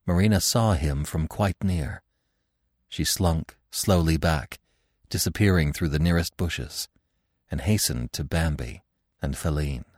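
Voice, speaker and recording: A man narrating a classic story in an expressive, dramatic reading. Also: rumbling low, a little slow, dry recording, clean studio sound. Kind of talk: scripted audiobook narration.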